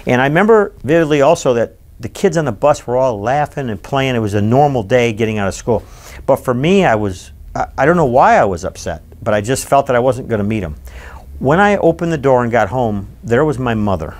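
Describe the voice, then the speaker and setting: A man in his sixties from Michigan, recalling his childhood in an oral history interview with animated, emphatic storytelling. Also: mid-range voice, fairly quick. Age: 60s.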